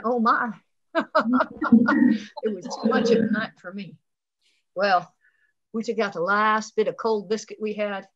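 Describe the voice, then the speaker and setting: A woman's voice: medium pitch, lo-fi sound. A woman telling a folksy first-person tale with dramatic flair, over a video call. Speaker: storyteller. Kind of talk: live folksy storytelling.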